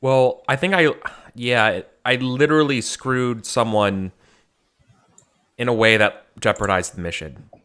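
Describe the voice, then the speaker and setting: A man's voice: mid-range voice, unhurried, fairly bright tone, smooth. A man playing in a tabletop game, easygoing and a bit hesitant. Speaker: player. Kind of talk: casual role-play chat.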